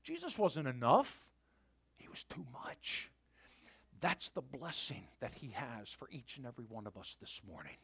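A male pastor preaching a sermon with animated storytelling, sometimes dropping to a near-whisper for emphasis. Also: mid-range voice, normal speed, vocal fry, few pauses, breathy edge.

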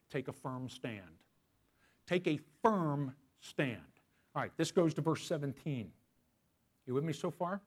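Preaching man, loud then whispered. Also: fairly high pitch. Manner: wide swings from loud emphasis to hushed whispers; slows down to stress key phrases. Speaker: pastor. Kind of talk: sermon.

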